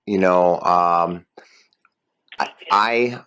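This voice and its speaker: A man asks an eyewitness careful questions over the phone. His voice sits very low. He hesitates often and fills his pauses with "um" and "uh". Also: a bit bright, clean tone. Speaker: interviewer. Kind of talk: phone interview.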